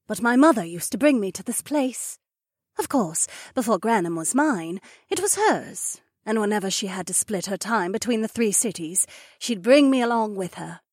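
A man voicing a poised young she-wolf duchess in an audiobook, gentle and reminiscing. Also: sits high, expressive, normal speed, no room sound, clean studio sound, voice pushed up. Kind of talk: audiobook character voice.

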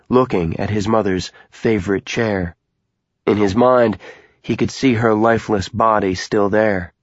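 A man narrating an audiobook in a measured, somber, steady way. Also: lowish voice, no room sound, dull audio.

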